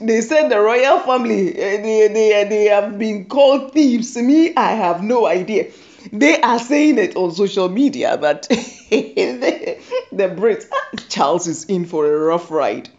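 A woman rambling through a comic monologue with lots of laughter, her pitch swinging up and down all the way. She repeats her lines for effect. The sound is dull and lo-fi. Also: darkish tone. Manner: teasing, laughs often, repeats phrases. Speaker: comedy monologue host.

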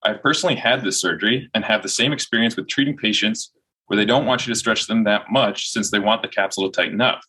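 A man's voice: fairly low pitch, quick pace, bright, forceful tone, breathy edge, poor audio. A man reading out a long listener question on a podcast panel.

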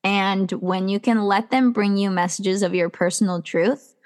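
A woman's voice: medium pitch, steady tone, unhurried. A woman who works as a self-love coach, speaking as a podcast guest in an earnest, encouraging way with lots of "like" fillers. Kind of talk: casual podcast chat.

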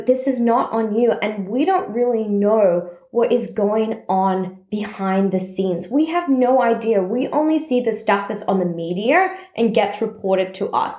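A woman's voice: on the high side, mellow, roomy sound. A woman hosting her own podcast, talking casually and heartfelt with many "like" fillers. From Australia. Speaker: podcast host. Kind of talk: casual solo podcast talk.

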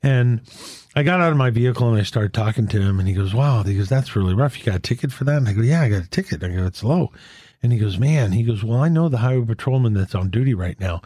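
A man recounting a faith moment with earnest conviction, his pitch rising and falling animatedly as he acts out both sides of a conversation. The sound is close and dry, with no room around it. He speaks at a middling pitch. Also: fast, husky, no room sound. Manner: earnest testimony, retelling dialogue in a lively back-and-forth. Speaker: Catholic men's fellowship leader. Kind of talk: faith-sharing conversation with storytelling.

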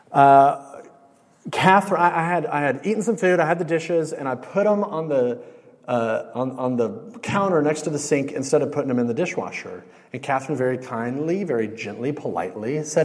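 A man in his thirties preaches in a relaxed way. He speaks in a fairly high voice and keeps turning to the audience with questions. His voice rings out through a hall with a long tail of reverb. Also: moderate pace. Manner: conversational, with lots of "like" and "you know". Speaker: campus minister. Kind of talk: sermon.

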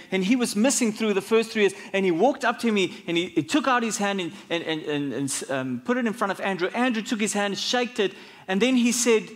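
A pastor preaching a sermon, telling a story with many restarts and dropping his voice when he quotes people. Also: high voice.

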